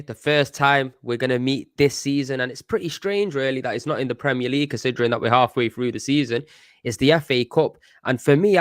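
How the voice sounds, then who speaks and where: A man's voice: medium pitch, no echo, studio quality. A young man with a Manchester accent hosting a casual football chat, friendly and full of street slang. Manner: laid-back street slang, friendly banter. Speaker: host.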